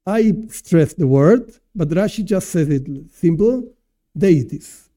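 A man's voice: sits high, slow pace. A man giving an informal Torah lesson, explaining a commentary line by line and asking and answering his own questions. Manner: animated, explanatory, asks and answers himself. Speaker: Torah teacher.

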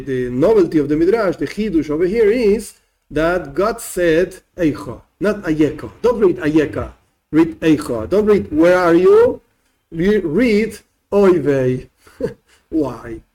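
A man's voice: on the high side, warm tone. A man teaching a religious text in an informal way. He acts out the quoted lines and repeats words as he explains.

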